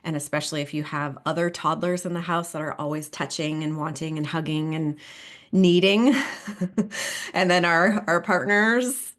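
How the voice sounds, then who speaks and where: A woman in her thirties speaks in a low, chatty voice as a couples therapist on a podcast. She laughs easily and keeps checking in with "right?" and "you know". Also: moderate pace, fairly bright tone. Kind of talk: podcast interview.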